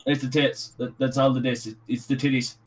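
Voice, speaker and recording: A man's voice: medium pitch, level tone, a little fast. A man joining a livestream as a guest, chatting in a crude, joking way with frequent stumbling restarts. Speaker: stream guest. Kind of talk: casual livestream chat.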